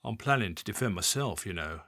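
A man narrating puts on a smug, leering villain in an audiobook who talks low and chatty, as if he has all the time in the world. His voice dips deep below the narrator's, lively in its rise and fall, and the recording is close and dry. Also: fairly quick, no room sound. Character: smug, leering male criminal suspect.

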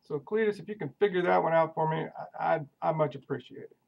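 A man rambling through a casual video message with a folksy, deadpan manner, sending a question to another video maker. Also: fairly high pitch, fast talker, creaky, dull audio.

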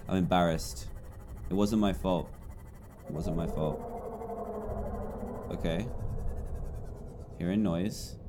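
A gaming YouTuber from England, this man in his twenties has an English accent and chats jumpily while commentating his own gameplay. He swings between quiet mutters and loud yelps.

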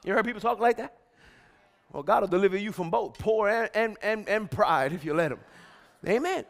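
A middle-aged man preaching a sermon, energetic and exhorting, calling out lines for the congregation to repeat and shouting emphatic points. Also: high voice, normal speed, vocal fry. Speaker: pastor.

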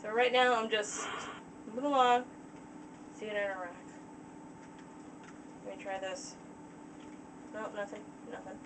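A woman's voice: medium pitch, steady tone, unhurried, long pauses, recorded from a distance, noisy background. A woman casually narrating a game as she plays, rambling with lots of fillers. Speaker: let's play gamer.

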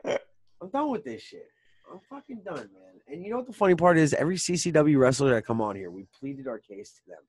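A man co-hosting a casual podcast, ranting fast and swearing a lot. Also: fairly high pitch, breathy edge, dry recording. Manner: animated, swearing, fast rants. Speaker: podcast co-host. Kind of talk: casual chat.

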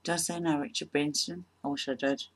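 A woman doing a casual comedy vlog, self-deprecating and halting with frequent ums. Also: deep voice, steady tone, slightly rough. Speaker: vlogger.

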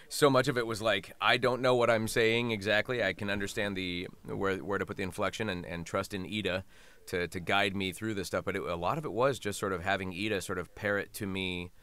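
A man's voice: on the low side, steady tone, fairly quick, a bit bright, clear, resonant tone, dry recording. A man talking as a voice actor guest in a casual interview, chatty and laughing often.

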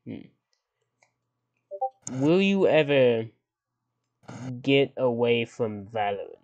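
A man voicing a fake doctor who questions a patient in a slow, hesitant way, in an improvised comedy role-play. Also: mid-range voice, expressive, a little mellow, highs cut off. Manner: slow and hesitant, stumbling restarts.

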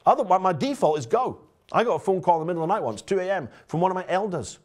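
Racing along in a high-pitched voice, a male pastor delivers a chatty, story-driven sermon, speaking lively and directly to the congregation.

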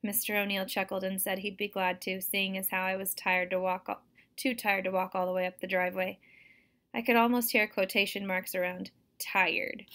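A woman, a teacher, reading a novel aloud to students in a steady, expressive storytelling manner. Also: medium pitch, fairly quick.

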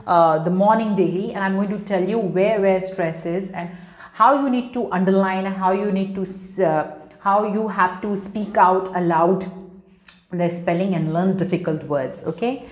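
A woman's voice: medium pitch, unhurried, echoey room. A woman, teaching an online lesson to students, emphatic and repetitive. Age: 30s. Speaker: English teacher. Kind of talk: online spoken English lesson.

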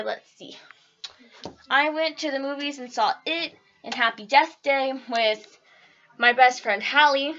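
A teenage girl chats in a casual home vlog with a high, bright voice. She rambles and giggles, then turns earnest. The recording sounds dull and lo-fi. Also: a little hiss or hum. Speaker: vlogger.

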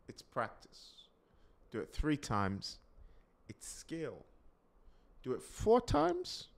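A man with a fairly high voice preaches a sermon emphatically, repeating key lines and swinging between loud declarations and hushed asides.

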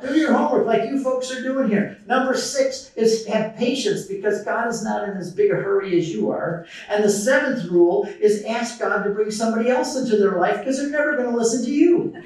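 A man's voice: very high-pitched, fairly quick, few pauses. A middle-aged man giving a conference talk and taking audience questions, telling stories and acting out quotes with animation. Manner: lively storytelling, acting out quotes. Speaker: conference speaker. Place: large conference hall. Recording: echoey hall from far off.

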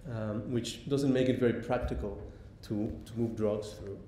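A man giving a public lecture, pausing often with ums and restarting sentences. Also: steady tone, dark tone. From Mexico. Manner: halting, many ums and restarts. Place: lecture hall. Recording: echoey hall, faint rumble.

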